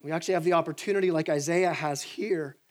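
A man with a rather high voice delivers a church sermon with lively energy. He often repeats a word as he starts a sentence, then pushes on. He speaks like a pastor working to keep a congregation with him. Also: fast. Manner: animated, repeats words when starting sentences, acts out voices. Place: church sanctuary.

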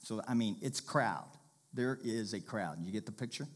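A man's voice: lowish voice, moderate pace. Man preaching with dramatic swings. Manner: dramatic, animated reading with sudden loud and soft turns; calls out to the congregation. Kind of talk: sermon with scripture reading.

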